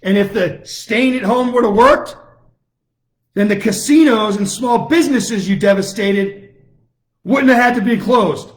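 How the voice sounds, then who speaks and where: Man, middle-aged, higher-pitched voice, heated political rant, taunting. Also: a little slow. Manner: heated, taunting, repeated challenges. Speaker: lawyer and online show host. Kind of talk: combative political monologue.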